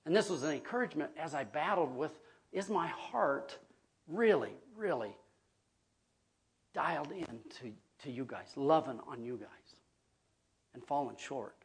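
A man's voice: on the high side, expressive, unhurried, pauses often, breathy edge. A man preaching a sermon as pastor, earnest and conversational, often checking in with his listeners.

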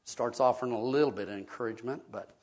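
A man's voice: medium pitch, fast talker, a little mellow. A man preaching a sermon as pastor, earnest and conversational, often checking in with his listeners.

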